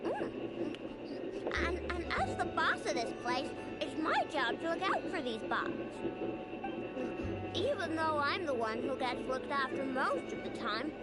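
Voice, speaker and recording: A spirited, bristly young girl boss in a game, high and lively, over loud music. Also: a little slow, low-quality recording. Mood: determined. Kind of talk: video game voice acting.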